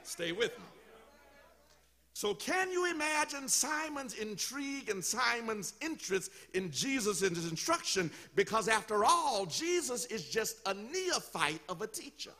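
A man preaching a sermon in a church, telling the story with animated call-and-response to the congregation. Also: high voice, measured pace. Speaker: pastor.

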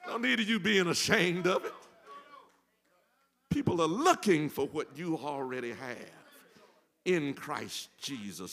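High bright preacher guy in a church, rough gravelly voice, rhythmic and shouty. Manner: rhythmic call-and-response preaching, rising to shouts. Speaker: pastor. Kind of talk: preaching a sermon. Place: church sanctuary.

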